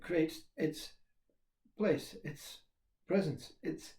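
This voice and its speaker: Man, spiritual teacher, slow and reflective, mellow tone, roomy echo. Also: on the high side. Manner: slow, reflective, with long pauses and repeated questions. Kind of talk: spiritual talk.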